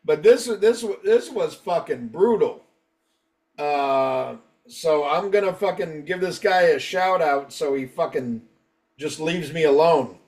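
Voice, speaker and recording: A man's voice: fairly high pitch, lively intonation, takes it slowly, darkish tone, distant mic. A man hosting a podcast, chatting loosely and joking with plenty of swearing. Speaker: podcast host. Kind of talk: casual podcast chat.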